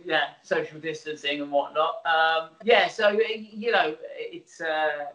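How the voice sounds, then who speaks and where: A man's voice: fairly high pitch, steady tone, a little slow, sharp tone, roomy sound, low-quality recording. A man chatting as an interview guest over a video call, restarting his sentences and laughing often. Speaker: musician and theatre performer, guest. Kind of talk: casual interview chat.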